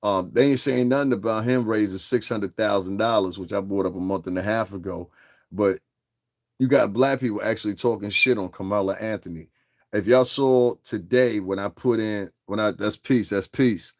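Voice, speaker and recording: A man's voice: fairly low pitch, normal speed. A middle-aged man hosting a livestream, talking in a boastful, profane casual rant and often laughing mid-sentence. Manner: boastful, profane, keeps asking "you understand what I'm saying". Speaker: livestream host.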